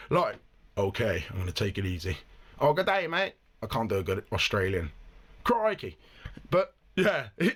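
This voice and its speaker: A man's voice: on the high side, a bit bright. Wry, chatty man reacting to clips. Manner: chatty, wry, swears casually. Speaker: reaction video host. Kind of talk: casual commentary.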